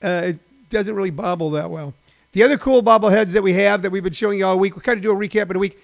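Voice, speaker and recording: A middle-aged man talks to his live-stream viewers from home in a rambling, chatty way, full of filler words. His voice sits high for a man. It carries a gravelly, creaky edge. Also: fast talker. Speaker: live-stream host and former stand-up comic.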